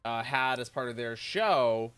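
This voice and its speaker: A man's voice: mid-range voice, animated, unhurried, fairly bright tone, clear, resonant tone, no echo. A man with a New England accent, co-hosting a stream, telling rambling stories and teasing dryly. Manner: rambling storyteller, dry teasing. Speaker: stream co-host. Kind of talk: casual stream chat.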